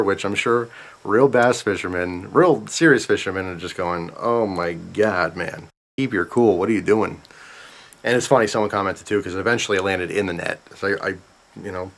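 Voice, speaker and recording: A man vlogger casually telling a story, rambling and animated, with lots of asides to the viewers. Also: on the low side.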